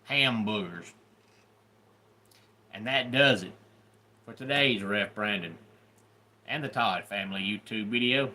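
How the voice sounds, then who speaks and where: A man's voice: fairly low pitch, moderate pace, pauses often, sharp tone. A middle-aged man with a Southern drawl, hosting a casual livestream, giving blunt opinions and greeting viewers by name. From Deep South of the US. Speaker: YouTube host.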